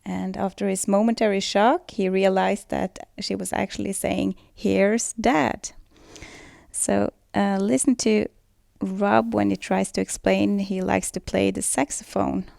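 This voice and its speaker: A woman's voice: medium pitch, flat delivery, a little slow, vocal fry, a little mellow, dry recording, studio quality. A woman giving a scripted student presentation on pronunciation, explaining steadily with occasional fillers. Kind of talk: school presentation voice-over.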